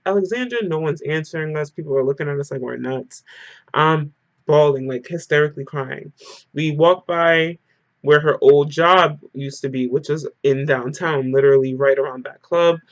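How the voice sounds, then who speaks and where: In a casual storytime vlog, a young man relives a night out, animated and emotional, saying "like" constantly. His voice is a little high for a man and runs at normal speed, and the audio is somewhat muffled and lo-fi.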